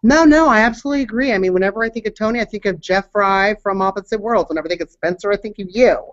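A man's voice: high-pitched, racing, fairly bright tone, no echo. A man co-hosting a casual recap chat, chatty and agreeable. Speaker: co-host. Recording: slightly muffled dry audio.

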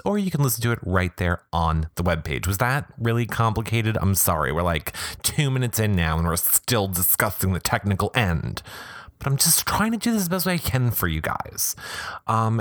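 A woman's voice: a bass voice, no echo, studio quality. A woman hosting a casual podcast, talking chattily with joking asides and frequent self-interruptions as she reads blogs aloud. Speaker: podcast host.

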